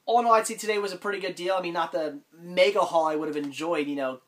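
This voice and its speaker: A man's voice: high voice, fast talker, a bit bright. A man talking casually in a vlog about his haul, congested with a cold, rambling with frequent ums and restarts. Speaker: collector vlogger.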